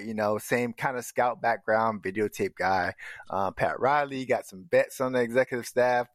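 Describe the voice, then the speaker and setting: A man co-hosting a casual sports podcast, talking in a relaxed, measured way with frequent ums. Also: mid-range voice, no room sound, clean studio sound. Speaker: podcast co-host.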